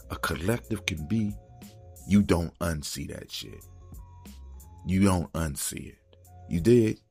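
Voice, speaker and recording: A man with a very low, gravelly voice leads a motivational talk like a preacher. He repeats short mantras and sometimes drops into a husky whisper. Faint music plays behind him. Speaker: host.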